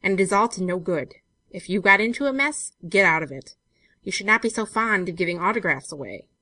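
A woman reading aloud, voicing a rich, guarded young male gentleman who speaks bluntly in an audiobook. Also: medium pitch, lively intonation, a little fast, dry recording. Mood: stern.

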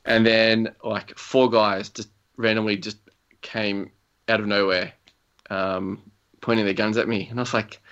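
A young man with a fairly low, clean and fairly bright voice talks unhurriedly with little pitch movement, chatting casually about a video game. He rambles through stories with plenty of fillers and chuckles. The lo-fi recording sounds slightly dull.

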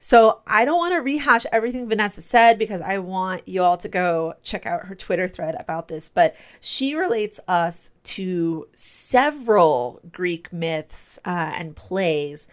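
A woman's voice: lowish voice, animated, a little slow, hardly any pauses. A young adult woman co-hosting a podcast, explaining things in an enthusiastic, nerdy, rambling way. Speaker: podcast co-host. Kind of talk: casual podcast chat.

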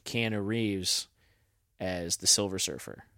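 A man's voice: deep voice, steady tone, takes it slowly, creaky, bright, forceful tone, dry recording, studio quality. A man co-hosting a podcast in casual chat, offhand and swearing freely. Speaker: podcast co-host.

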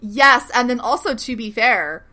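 A woman with a slightly high voice and a measured pace co-hosts a podcast, recapping a TV show in casual conversation. She's animated and laughing, acting out the characters' lines.

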